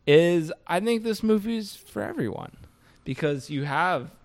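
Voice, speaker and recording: A man's voice: high-pitched, animated, unhurried, no room sound. A man co-hosting a film podcast, ranting casually with lots of swearing and jokes. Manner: profane, ranting, jokey. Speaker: podcast co-host.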